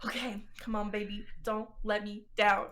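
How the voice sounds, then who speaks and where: A woman's voice: mid-range voice, little pitch movement, normal speed, a bit bright. A woman playing a tabletop game who talks in a wry way, sighing and laughing as she plays. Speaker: player. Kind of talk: casual tabletop game play.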